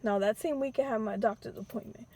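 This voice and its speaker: A young woman tells a personal story in loose, slangy vlog talk. Her voice sits a bit high, husky and mellow. Now and then she acts out pleas in a higher, teary voice. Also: fast. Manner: emotional, re-enacting pleas in a high crying voice, slangy. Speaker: vlogger telling a personal story. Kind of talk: casual storytime.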